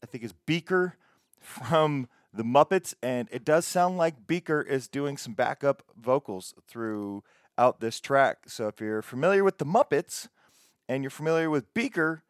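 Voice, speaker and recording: A man's voice: medium pitch, lively intonation, measured pace, no echo, studio quality. A man hosting a music show, talking casually, stumbling over foreign words and swearing offhandedly. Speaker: radio show host.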